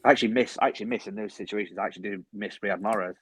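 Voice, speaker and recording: A man co-hosting a casual football podcast, talking quickly and rambling with many restarts. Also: lowish voice, fairly even intonation, fairly bright tone, slightly rough, no echo, poor audio. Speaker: podcast co-host. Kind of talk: casual chat. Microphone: home video call.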